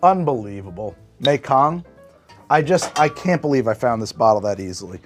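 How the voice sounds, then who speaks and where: A man's voice: mid-range voice, expressive, moderate pace, faint music behind. Rambling, profane male streamer. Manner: rambling, profane, thinking aloud. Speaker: live streamer. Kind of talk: casual livestream chat.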